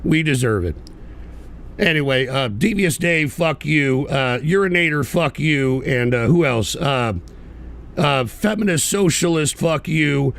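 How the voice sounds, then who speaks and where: A man's voice: a little high, animated, a little slow, creaky, fairly bright tone. A man hosting an online political show, ranting bitterly and profanely in a repetitive way. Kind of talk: livestream rant.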